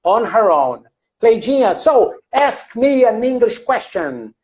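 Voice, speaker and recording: A man's voice: extremely high pitch, very animated, slow pace, darkish tone, muffled recording. A man from Brazil with a Brazilian Portuguese accent teaching English in a live online class, greeting viewers by name, repeating phrases and using many fillers. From Minas Gerais, Brazil. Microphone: computer mic on a live video stream.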